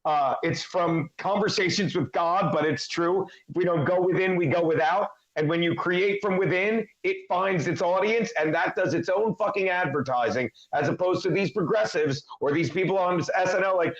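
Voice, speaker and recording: Male panelist, emphatic long-winded talker, high voice, roomy lo-fi audio. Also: normal speed, few pauses. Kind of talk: casual chat. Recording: echoey, dull lo-fi mic.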